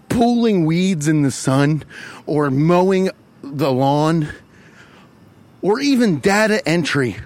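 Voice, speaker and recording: A man spins a profane, rambling story with a lively, swooping delivery. His voice sits a bit high, and he jumps into mocking voices when he quotes people. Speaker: comedian telling a story.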